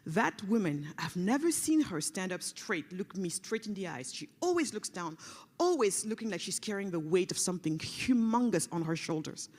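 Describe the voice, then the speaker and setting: A woman giving an emotional storytelling speech at a conference, passionate and sometimes dropping to a hushed, soft delivery. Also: mid-range voice, expressive, normal speed. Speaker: keynote speaker. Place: large conference hall. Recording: long hall reverb.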